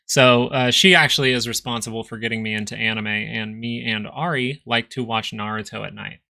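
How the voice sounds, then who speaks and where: A man's voice: medium pitch, fairly even intonation, a little fast, gravelly, pushed and bright. A young man hosting a live stock market stream, giving casual, rambling chart commentary and joking with viewers. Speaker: stock market livestream host.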